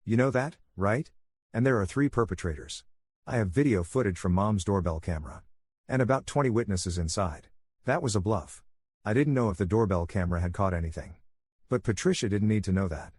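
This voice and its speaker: A man narrating a first-person story in a calm, measured, firm voice. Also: lowish voice, slightly rough, no room sound.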